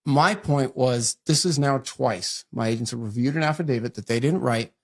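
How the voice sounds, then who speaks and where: A middle-aged man talks as a podcast guest, recounting events at a quick clip. He slips into the voices of the people he quotes, then drops back to plain storytelling. His pitch sits in an ordinary middle range for a man. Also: husky. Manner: fast retelling that acts out quoted dialogue. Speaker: interview guest. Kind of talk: conversational storytelling interview.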